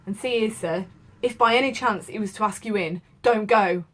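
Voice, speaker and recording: A woman's voice: mid-range voice, normal speed, natural voice. A woman voicing a frightened male Victorian butler in a story reading, speaking urgently and anxiously with a raised voice. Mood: hushed urgent.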